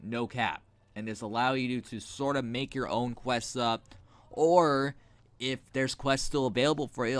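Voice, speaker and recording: A gaming video host talks into the desk mic at his computer while playing, offering blunt, rambling, sarcastic commentary. His voice is medium-pitched with a fairly bright tone, and the recording is dry.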